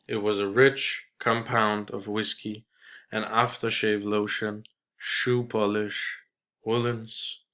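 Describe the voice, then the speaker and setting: A man reading a short story aloud in a measured way, with small restarts. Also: on the low side, bright, forceful tone. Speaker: reader.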